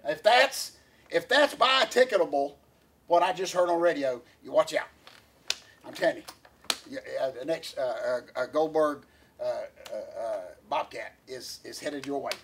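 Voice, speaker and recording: A man's voice: on the high side, lively intonation, normal speed, a bit bright, a little hiss or hum. A man, co-hosting a casual podcast chat, rambling with lots of fillers and restarts. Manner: rambling, many fillers and restarts, laughs often. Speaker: podcast co-host.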